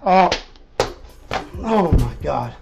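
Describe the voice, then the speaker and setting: A man streaming live, ranting angrily and swearing nonstop, with yelling outbursts. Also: on the high side, big pitch swings, extremely slow, vocal fry, over music. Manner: profane, swears constantly. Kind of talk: angry stream rant.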